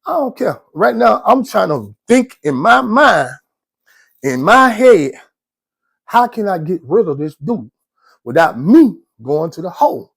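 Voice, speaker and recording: A man's voice: high-pitched, sing-song, unhurried, gravelly, a bit bright, husky. A man, casually telling his own story in a slangy, rambling way and often checking in with the listener. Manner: slangy, rambling, keeps asking "you know what I'm saying".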